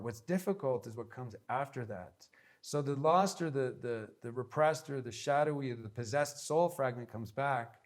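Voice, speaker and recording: A man giving an instructional talk on spiritual practice, earnest and emphatic, with many repeated phrases. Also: medium pitch. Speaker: spiritual teacher.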